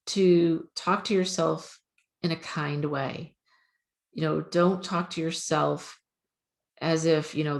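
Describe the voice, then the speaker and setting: A woman hosting a spiritual podcast, talking casually and encouragingly about oracle cards, with lots of fillers. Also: low-pitched. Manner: chatty, encouraging, many fillers.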